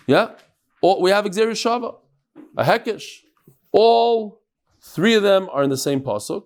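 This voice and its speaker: A man teaching a daily Talmud class to a live audience in a study hall, lively and joking, with Hebrew and Aramaic terms in his English. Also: high voice, a little slow, pauses often.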